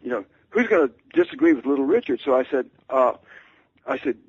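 A man's voice: mid-range voice, lively intonation, brisk, slightly rough, no echo. A man, an author and radio guest, telling a story with lots of stammering, restarts and fillers. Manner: stammering and rambling with many fillers. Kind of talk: anecdotal storytelling. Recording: dull lo-fi radio sound.

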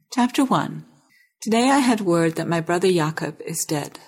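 Woman host and reader, lowish voice, measured expressive delivery. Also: slightly rough. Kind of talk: reading a novel excerpt aloud.

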